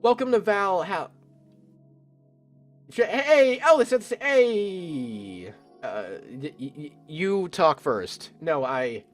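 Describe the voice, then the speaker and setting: A man's voice: fairly high pitch, very animated, measured pace, hardly any pauses, soft background music, voice pushed up. A man voicing a nervous, guarded young woman bartender who stammers when flustered, reading game dialogue aloud. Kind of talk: let's play voice acting.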